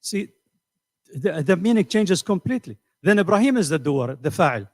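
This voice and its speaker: Middle-aged guy teaching a class, kinda high voice, dry close sound, keeps quizzing the room. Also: big pitch swings, moderate pace, no echo. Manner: questioning, repeats words while thinking. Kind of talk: classroom lecture.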